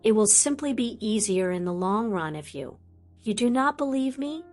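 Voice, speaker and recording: A woman voicing an old male wizard headmaster who speaks with gentle, mock-innocent reassurance. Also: a little high, animated, moderate pace, faint music behind, close to an everyday voice.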